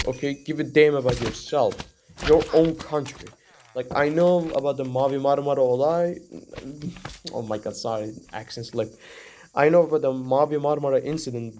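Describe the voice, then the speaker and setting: A man's voice: mid-range voice, noisy background. A young man from Iran giving a rambling, earnest opinion monologue to the camera, full of "like" and "you know". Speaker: vlogger.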